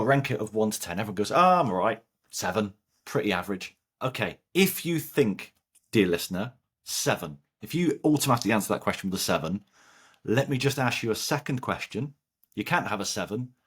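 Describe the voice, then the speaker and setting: Man, low voice, husky, jokey podcast guest, animated chat. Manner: jokey, animated, laughs often. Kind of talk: casual interview chat.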